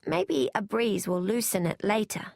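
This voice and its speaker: A woman voicing an excited small boy playing sailor. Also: unhurried, vocal fry, no room sound, studio quality. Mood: disappointed. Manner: high, excited. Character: eager little boy playing first mate.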